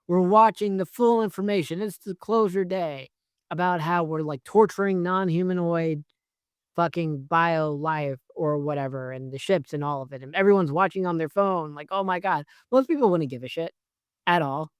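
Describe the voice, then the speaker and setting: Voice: medium pitch, normal speed, smooth, no echo, clean studio sound. A film reviewer in a vlog, ranting sarcastically with lots of swearing and rambling filler words. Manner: profane, sarcastic, exasperated rant; rambling, heavy use of "like" and "right?". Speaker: movie reviewer.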